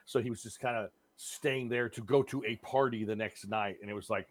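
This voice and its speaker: A man co-hosting a podcast, chatting casually about bad movies and telling stories with lots of swearing and dark jokes. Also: on the low side, fairly quick. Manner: animated storyteller, swears freely, dark jokes. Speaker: podcast co-host. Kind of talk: casual movie-review chat.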